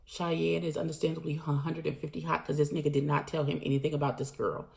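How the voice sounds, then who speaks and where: A woman vlogger recapping a show in a blunt, animated, slangy storytelling manner. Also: low voice, fast talker, gravelly. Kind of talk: casual recap monologue.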